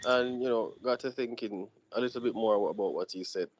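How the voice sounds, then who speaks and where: A man's voice: fairly low pitch, a little fast, dull audio, slight background noise. A man co-hosting a casual podcast discussion, earnestly laying out an argument. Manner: earnest, making a point. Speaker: podcast co-host.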